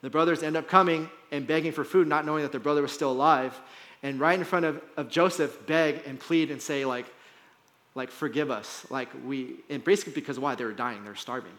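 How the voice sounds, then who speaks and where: His pitch is on the high side, his intonation fairly even, and his pace fairly quick, with a slightly bright quality. He is a male pastor giving a conversational sermon in a church hall, often checking in with "right?" and "like."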